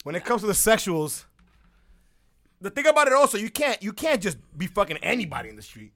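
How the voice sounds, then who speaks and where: A man co-hosts a loose podcast chat, telling stories with plenty of laughter and slang. His voice sits high and swings widely, with a bright, sharp edge. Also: brisk. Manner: animated, laughing storyteller with street slang. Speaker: podcast co-host. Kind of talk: casual chat.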